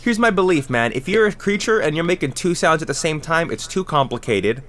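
A man's voice: fairly high pitch, expressive, fairly quick, a bit bright. A man co-hosting a podcast in casual chat, laughing often and swearing freely as he jokes through his asides. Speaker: podcast co-host.

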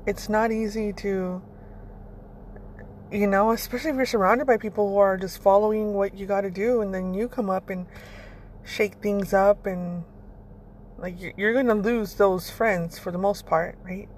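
A woman's voice: medium pitch, steady tone, normal speed, a little mellow, a little hiss or hum. Blunt, swearing woman giving pep talk. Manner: blunt, swears freely, rambling with restarts. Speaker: podcast host. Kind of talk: casual motivational monologue.

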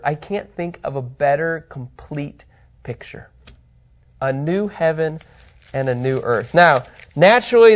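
A man teaching an informal Bible lesson, animated and chatty, often checking in with his listeners and his co-host. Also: fairly high pitch.

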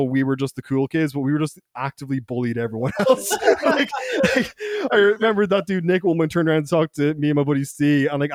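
A young man tells rowdy school stories on a podcast, swearing freely and breaking into laughter. His voice sits fairly high for a man, and the sound is dry and close, with no room around it. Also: no room sound. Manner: profane, laughing, quotes people in put-on voices. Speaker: podcast co-host. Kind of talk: casual storytelling.

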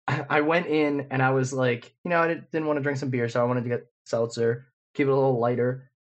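A man's voice: mid-range voice, level tone, a little fast, dull audio. A man in his twenties, co-hosting a podcast, rambling through a casual story full of fillers. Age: 20s. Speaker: podcast co-host. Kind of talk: casual chat.

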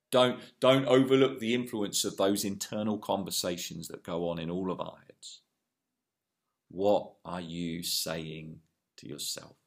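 Man, sermon, fairly low voice, earnest, loud and hushed by turns. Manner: earnest, swings between loud emphasis and hushed lines. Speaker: preacher.

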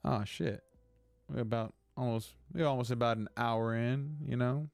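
A man's voice: medium pitch, moderate pace, creaky, dry recording, faint music behind. A young man hosting a casual solo podcast, rambling and venting with lots of swearing. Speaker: podcast host.

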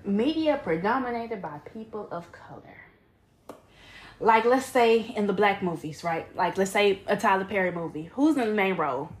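A woman's voice: mid-range voice, animated, moderate pace. A young woman co-hosting a podcast, chatting casually and laughing as she tells stories. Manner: laughing, storytelling, teasing. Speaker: podcast co-host.

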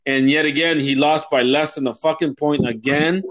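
A man's voice: fairly high pitch, fairly even intonation, normal speed, a bit bright. A young man hosting a casual fantasy football podcast, profane and ranting, often laughing. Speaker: podcast host.

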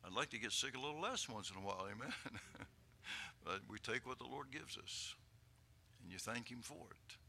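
An older man preaching a sermon, swelling to loud, fervent peaks and tossing chuckling asides to his congregation. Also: medium pitch, expressive, moderate pace, vocal fry, slight background noise.

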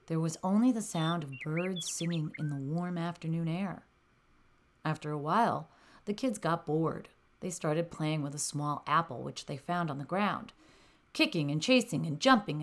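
A woman narrating a children's bedtime story in a gentle, expressive way. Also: deep voice, normal speed.

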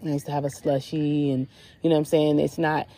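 Woman, low-pitched, mellow tone, candid chatty monologue, spiritual reflection, outdoors at a beach. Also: flat delivery, brisk. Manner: candid, chatty, filler-heavy with frequent "like". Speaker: podcast host.

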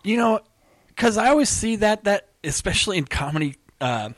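Hesitant slightly high man, dry mic. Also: big pitch swings, moderate pace, dry recording. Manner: hesitant, trails off, laughs often. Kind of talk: casual chat.

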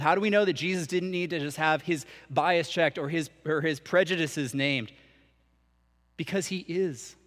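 Preaching as a church minister, a young man who serves as canon for student ministry blends Bible passages with casual, chatty asides. His voice is on the high side and fairly bright, and the hall adds a long reverb.

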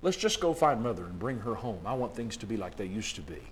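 A male preacher voicing a heartbroken ten-year-old boy who begs his father to go find his mother, in a hushed, pleading way. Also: on the low side, very animated, fast talker, a little hiss or hum, poor audio.

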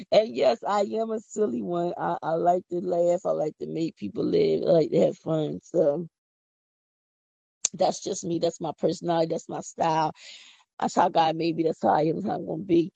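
A middle-aged woman hosts her own podcast, chatting about faith in a down-to-earth, preachy way. Her voice is heavily gravelly and mellow, with a husky edge. The recording is dry and dull, like a lo-fi home setup. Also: on the low side, steady tone, moderate pace, dry recording. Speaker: podcast host. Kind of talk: casual faith talk monologue.

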